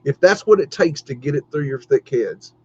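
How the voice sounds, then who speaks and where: A man's voice: a little high, lively intonation, normal speed, a little mellow, breathy edge. Fired-up, cursing middle-aged man. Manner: heated, profane, stammering restarts. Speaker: podcast host. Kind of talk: livestream rant. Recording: dull lo-fi stream audio.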